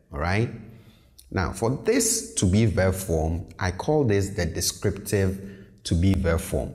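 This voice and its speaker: Brief: male language tutor, deep voice, patient and repetitive, reverberant room. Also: a little mellow. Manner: patient, repeats words, checks in with "okay" and "all right". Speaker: language teacher. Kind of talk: online language lesson.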